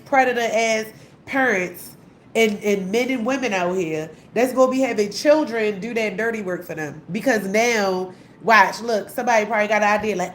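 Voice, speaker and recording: Ranting woman, echoey room. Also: on the high side. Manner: heated, blunt, repetitive, swearing often. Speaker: vlogger. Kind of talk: angry profane rant. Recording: echoey room with faint hum.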